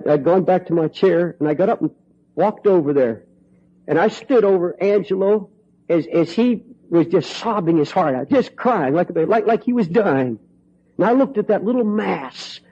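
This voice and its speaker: Impassioned preacher, high voice, lo-fi. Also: male voice, lively intonation, moderate pace, breathy edge. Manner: impassioned, swings from hushed to ringing. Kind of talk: storytelling sermon. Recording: dull lo-fi recording.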